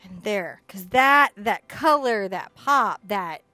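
A woman teaching an acrylic painting lesson, chatty and excitable, often bursting into giggly enthusiasm. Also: medium pitch, slow pace, no room sound, soft background music. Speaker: art instructor.

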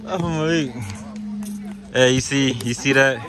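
A man hypes it up loudly at an outdoor court, firing the same mock-formal question over and over. His pitch is ordinary and middle, and music runs behind him. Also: takes it slowly. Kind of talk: loud playful hype.

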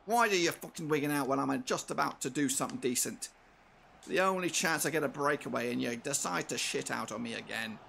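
A man commentating live on his football game, swinging from low mutters to shouted outbursts and swearing often. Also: a little fast, vocal fry, slight background noise. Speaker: gaming channel host.

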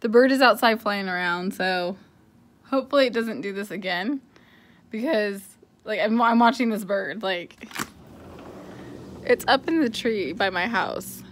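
A woman in her thirties filming a casual phone vlog at home, flustered and excitable, rambling with lots of fillers. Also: mid-range voice, measured pace, pauses often, a little hiss or hum. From California. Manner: flustered and excitable, bursts into screams. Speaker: vlogger. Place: home kitchen, then at an open sliding door.

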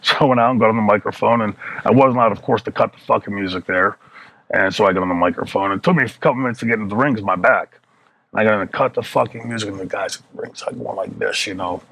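A man's voice: lowish voice, fast talker, creaky, poor audio. A man in his fifties, an interview guest, telling a story with plenty of swearing and acting out the people in it. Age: 50s. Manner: profane, animated storytelling that acts out the people in his stories.

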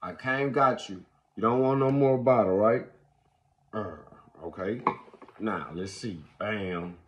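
A man's voice: lowish voice, slow, dull audio. A young adult man hosting a casual podcast while caring for his baby, talking in slang and playfully scolding the baby. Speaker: podcast host.

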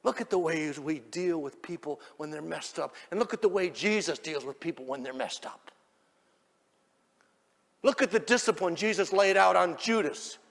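A man preaching a sermon, telling the story dramatically and swinging from hushed lines to shouts. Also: on the high side, expressive, moderate pace, vocal fry, in a large hall.

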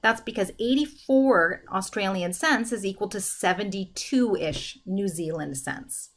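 Woman walking thru a math problem step by step, screen recording lesson, medium pitch. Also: lively intonation, unhurried. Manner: methodical, talks through each step aloud. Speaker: math teacher.

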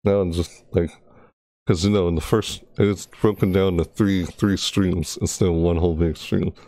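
A man's voice: sits low, fairly even intonation, moderate pace, mellow, no echo. A young man chatting on a live stream into a close microphone, talkative and rambling, repeating himself as he goes. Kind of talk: casual rambling stream chat. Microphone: close desk microphone.

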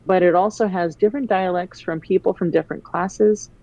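A woman with a low voice chats casually, rambling through stories with plenty of "like" and restarts. Her audio sounds a little dull and lo-fi, like a call recording. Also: a little fast, no room sound. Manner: rambling, animated storyteller. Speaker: guest. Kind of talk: casual chat.

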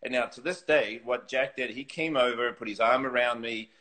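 Animated New man telling stories. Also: medium pitch, brisk. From New Zealand. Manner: animated storyteller, laughs often, acts out quotes. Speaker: golf coach and former tour pro. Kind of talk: interview storytelling. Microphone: video call.

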